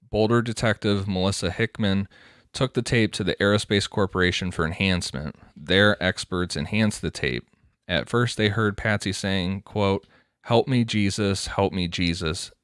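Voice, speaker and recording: A man's voice: deep voice, fairly bright tone, clean tone, no room sound, clean studio sound. A man co-hosting a casual podcast, reading quotes and notes from his research aloud between chat. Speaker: podcast co-host.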